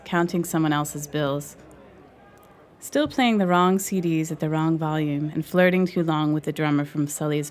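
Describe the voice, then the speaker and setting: A woman reading her literary short story aloud in a measured, wry tone. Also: low voice.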